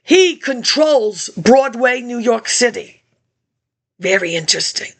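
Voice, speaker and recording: A woman's voice: on the high side, lively intonation, slow. A woman talking in a rambling monologue into a laptop webcam, jumping between topics and reading old documents aloud.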